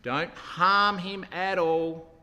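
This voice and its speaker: A man preaches with animation, voicing the people in his story. His voice is bright and a little high for a man. Long reverb rings around him. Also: drawn-out words. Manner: animated, acts out quotes with raised voice. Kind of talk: sermon.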